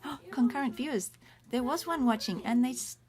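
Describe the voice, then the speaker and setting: A middle-aged Australian woman with a fairly high-pitched, brisk voice teaches Latin from home in a casual, chatty livestream. She explains words one at a time, breaking off to comment as she goes. A crowd can be heard in the background, and the home room carries faint room noise.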